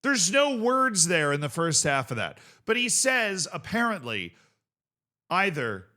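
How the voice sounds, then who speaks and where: A young man hosting a casual video reaction show, talking in an animated, rambling way with swearing and bursts of laughter. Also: sits high, normal speed. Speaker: host.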